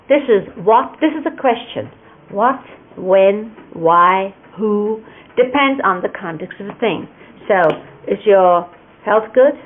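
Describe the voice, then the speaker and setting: An older woman gently recalling a teacher's hand gestures, explaining each one at an unhurried pace. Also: medium pitch. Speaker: speaker recalling a spiritual teacher. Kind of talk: reminiscing explanation. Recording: lo-fi phone-like archive recording with faint hiss.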